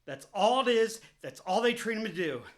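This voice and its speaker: A man's voice: high-pitched, animated, moderate pace, fairly bright tone. A man delivering an angry, profanity-laced political rant on his vlog, heated and repetitive, openly furious. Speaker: vlogger.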